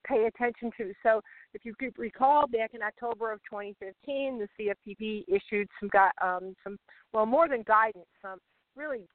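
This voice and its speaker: A woman's voice: fairly high pitch, normal speed, dry recording. A woman calling in from a car by the roadside, explaining rules with frequent fillers and restarts. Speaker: regular guest on mortgage industry show. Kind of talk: casual update by phone. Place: car pulled over by a rural road. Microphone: cell phone. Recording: tinny phone line.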